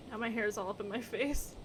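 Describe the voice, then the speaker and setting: A woman's voice: fairly high pitch, slight background noise. A young woman streaming a video game, chatting casually to her viewers, laughing often and exclaiming when things go wrong. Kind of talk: casual gameplay commentary.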